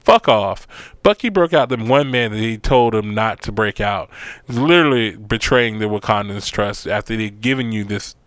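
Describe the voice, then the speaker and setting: A man giving a casual, profane recap of an episode, animated and acting out the quotes. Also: lowish voice, normal speed, no echo. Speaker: show recap host.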